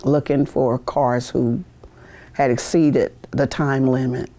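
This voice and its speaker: A woman's voice: extremely low pitch, level tone, slow, dark tone. An older woman in her sixties, a veteran, telling stories from her past in a recorded interview. She laughs often and acts out the people she quotes. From United States. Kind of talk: oral history interview. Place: university media studio.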